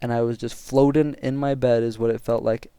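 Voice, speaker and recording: A young man telling a story to his viewers in a casual, excitable, slangy way and swearing freely. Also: medium pitch, a little fast, clear, resonant tone, no echo. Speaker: storytime vlogger.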